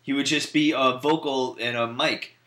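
A man's voice: mid-range voice, fairly even intonation, moderate pace, pushed and bright, roomy sound. A man co-hosting a podcast in casual chat, earnest and curious as he weighs rumors and pokes at his co-host.

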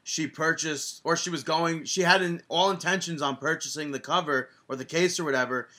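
A man co-hosting a casual podcast, animated and swearing often as he rants. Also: on the high side, brisk. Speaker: podcast co-host.

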